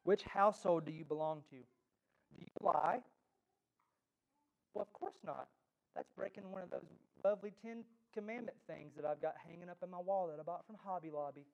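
A pastor preaching a sermon in church, joking and teasing, with sudden loud jabs. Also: male voice, high-pitched, normal speed, gravelly, muffled recording.

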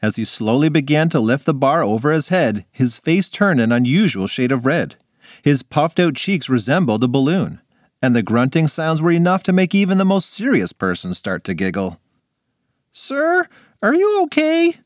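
A man reading a funny children's story aloud in a playful, animated way. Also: mid-range voice, moderate pace, no echo, clean studio sound. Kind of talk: scripted narration for children.

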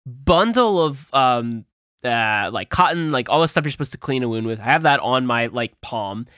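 Lively, bright-voiced male podcast host. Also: medium pitch, normal speed, no echo, studio quality. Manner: animated, acts out quoted voices. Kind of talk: casual storytelling chat.

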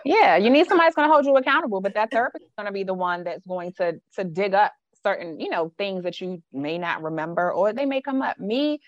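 A woman's voice: mid-range voice, expressive, fast, few pauses, no room sound. Woman, life coach, frank, emphatic, dry sound, dull recording. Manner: frank, emphatic, slips into dialect and quoted voices. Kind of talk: casual podcast chat.

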